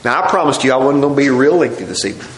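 A man's voice: medium pitch, animated, rapid-fire, roomy sound, low-quality recording. A man preaching a sermon, telling the story dramatically and acting out the scenes.

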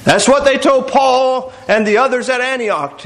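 Male pastor, high-pitched, expository sermon that quotes scripture. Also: animated, moderate pace, few pauses, fairly bright tone, poor audio. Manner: expository preaching, reading scripture aloud.

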